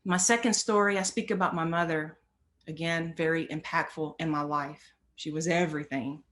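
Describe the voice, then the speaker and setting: A woman's voice: low-pitched, fairly even intonation, normal speed, fairly bright tone. A middle-aged woman telling a personal story as a motivational speaker, earnest and emphatic, often repeating phrases for weight.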